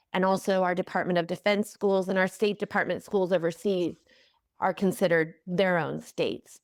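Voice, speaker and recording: A woman's voice: lowish voice, dry recording. Enthusiastic woman explaining, dry sound. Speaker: executive director of a math organization, guest. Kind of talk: interview answers.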